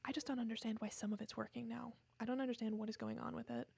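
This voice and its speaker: A woman's voice: fairly high pitch, steady tone, fast talker, creaky, a little mellow, breathy edge. Tired, rambling young woman streamer. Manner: rambling, tired, self-deprecating, laughs often. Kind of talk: casual stream chat. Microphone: desk microphone.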